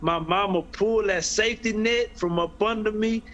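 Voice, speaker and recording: A man's voice: high-pitched, moderate pace, a bit bright, highs cut off. A man telling a personal story in an interview, earnest, often repeating and restarting phrases. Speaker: guest speaker.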